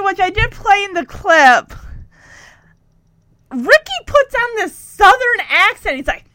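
A woman's voice: very high voice, big pitch swings, slow pace, long pauses, pushed and bright, dry recording. A woman chatting through a recap of a TV episode, laughing often and making teasing asides. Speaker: show recap host. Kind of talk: casual recap commentary.

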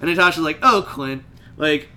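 A man casually recapping a comic book issue on a podcast, slipping into quick character voices as he retells scenes. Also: on the high side, pushed and bright. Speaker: podcast host.

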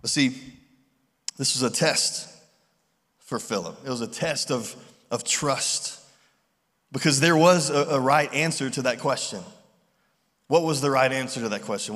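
A man preaching a sermon in a relaxed, conversational way, acting out voices in his retellings. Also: on the high side, normal speed, long pauses. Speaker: pastor. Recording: long reverb of a large hall.

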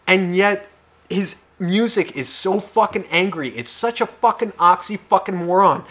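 A young man co-hosting a podcast, ranting in a profane, heated way, swinging between loud outbursts and whispers. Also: high-pitched, unhurried. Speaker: podcast co-host. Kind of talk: casual podcast rant.

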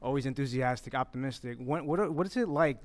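A man hosts a casual chat and keeps asking curious, encouraging questions. He talks fast. His pitch sits in an ordinary middle range. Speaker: podcast host.

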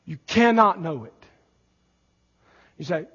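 A pastor with a high, slightly raspy voice delivers a sermon, swinging between hushed teaching and loud, emphatic declarations. The recording is dull and lo-fi, with long reverb from a large church sanctuary. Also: male voice, lively intonation, measured pace. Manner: builds from quiet teaching to loud emphatic preaching.

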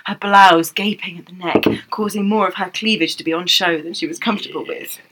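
A woman's voice: fairly low pitch, fairly quick, fairly bright tone. A woman on a comedy podcast reading a romance novel aloud in a theatrical way, breaking off to laugh and mock the prose.

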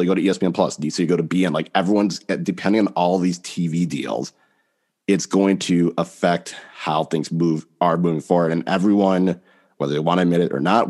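A man's voice: sits low, a little mellow. A man with a blunt, casual manner, swearing freely while chatting about soccer on a podcast. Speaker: podcast panelist.

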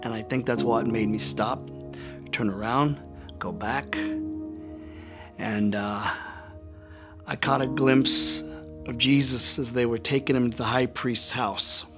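A man's voice: medium pitch, fairly even intonation, slow pace, long pauses. A man playing Peter, a remorseful fisherman disciple, in an earnest, confessional first-person monologue. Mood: rueful. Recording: music underneath the voice. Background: music playing.

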